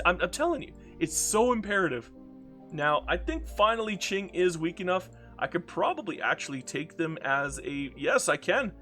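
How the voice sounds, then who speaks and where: A man giving casual, excitable commentary over his strategy game, swinging between loud exclaiming and low mumbling.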